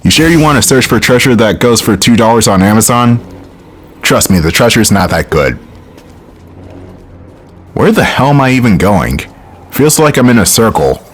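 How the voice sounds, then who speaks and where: A man's voice: mid-range voice, big pitch swings, moderate pace, pauses often. A man hosting a let's play, giving casual, joking gameplay commentary full of rambling tangents.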